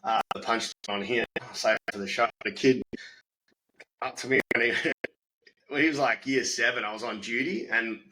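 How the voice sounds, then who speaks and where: Animated Australian man telling stories. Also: medium pitch, normal speed, slightly rough, low-quality recording. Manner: animated, acts out voices in anecdotes. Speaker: comedian and former teacher, podcast guest. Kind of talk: casual storytelling chat.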